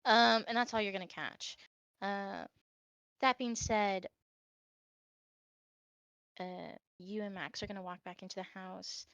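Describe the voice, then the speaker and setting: A woman's voice: medium pitch, fairly even intonation, measured pace, long pauses, a bit bright, no room sound, dull audio. A woman narrating as game master of a tabletop game, with many ums and uhs. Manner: hesitant, filler-heavy narration.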